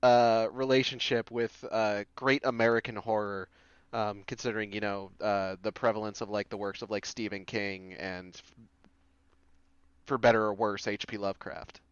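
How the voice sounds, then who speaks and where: Boston man, smooth voice, dry call audio. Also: lowish voice, little pitch movement, normal speed, dry recording. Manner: laid-back, tangent-prone storytelling. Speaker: podcast guest. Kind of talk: casual chat. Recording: dry, slightly dull remote audio.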